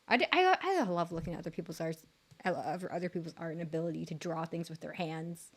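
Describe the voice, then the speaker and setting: Lively, rambling young woman streamer. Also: on the low side, quick pace. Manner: rambling, filler-heavy, giggly, self-deprecating. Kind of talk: casual live-stream chat.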